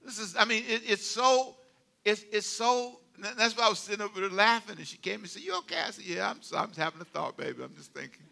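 An older man preaching a sermon, animated and humorous, telling stories with sudden drops to quiet asides. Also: high-pitched, fast, vocal fry. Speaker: pastor.

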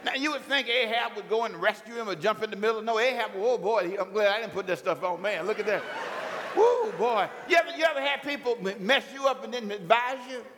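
Male preacher, high and bright, lively storytelling sermon in a reverberant hall. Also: a little fast. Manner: animated storytelling, acts out biblical characters.

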